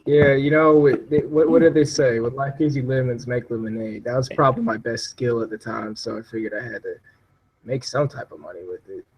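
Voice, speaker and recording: A man's voice: mid-range voice, fairly even intonation, a little fast, slightly rough, lo-fi sound. A young man chatting casually about sports as a podcast guest, joking and mocking players. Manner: joking, mocking, laughs often.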